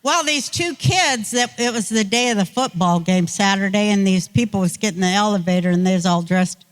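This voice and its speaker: A woman's voice: mid-range voice, fairly quick. An older woman, a guest on an interview show, telling a rambling, folksy, self-mocking story.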